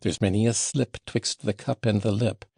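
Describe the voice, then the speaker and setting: A man's voice: fairly low pitch, fairly even intonation, moderate pace, vocal fry, darkish tone, husky, no echo, clean studio sound. A man reading an audiobook voices a passionate, wounded young woman, talking in a raised, emotional way that swings from tender to scornful. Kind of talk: audiobook character voicing.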